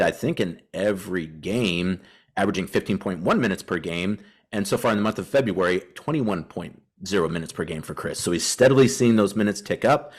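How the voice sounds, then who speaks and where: Male co-host, low voice, quick delivery, analytical and stat-heavy. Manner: analytical, cites stats, long run-on thoughts. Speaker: podcast co-host. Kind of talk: casual chat.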